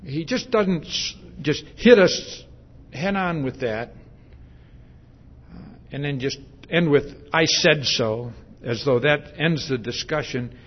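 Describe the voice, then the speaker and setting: A man's voice: a little high, lively intonation, slow pace, highs cut off. A man preaching a sermon in a conversational way, with many fillers and restarts, and asking the congregation questions.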